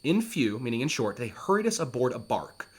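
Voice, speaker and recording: A man's voice: medium pitch, very animated, fairly quick, husky. A man, a former English teacher, reading Shakespeare's lines with dramatic emphasis and then explaining them in plain words.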